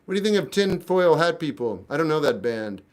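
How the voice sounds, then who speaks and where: A man in his fifties reading live chat questions aloud and answering them with blunt, deadpan one-word replies. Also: fairly high pitch, fairly quick. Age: 50s. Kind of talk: casual live-stream chat.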